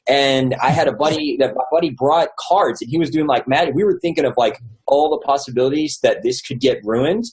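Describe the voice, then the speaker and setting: Guy, author guest, chatty storyteller, filler-heavy, mid pitch. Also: fairly quick, hardly any pauses, darkish tone, rough recording. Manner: rambling with many likes and restarts. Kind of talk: casual storytelling interview.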